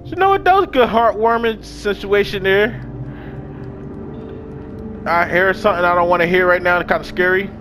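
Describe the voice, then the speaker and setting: A man giving casual, excitable let's-play commentary, swearing freely and talking to his viewers and the game's characters. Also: high-pitched, moderate pace, pauses often, a little hiss or hum. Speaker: gaming video host.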